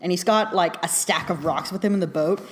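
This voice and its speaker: A woman with a fairly low voice talks through a film review in a chatty, excitable way. She laughs often and scatters fillers through her talk. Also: a little fast, a little hiss or hum. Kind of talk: casual spoken film review.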